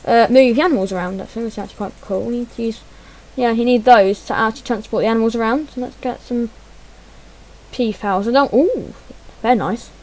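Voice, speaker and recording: A woman's voice: a little high, fairly quick, a little mellow, poor audio. A woman giving chatty, self-deprecating gameplay commentary, muttering to herself as she fumbles through menus. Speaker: gaming channel host.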